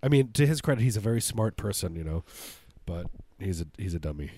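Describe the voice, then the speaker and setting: A man's voice: deep voice, lively intonation, fast, dark tone. A man co-hosting a podcast, chatting casually and jokingly, rambling and stumbling over his words. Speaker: podcast co-host. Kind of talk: casual comedic chat.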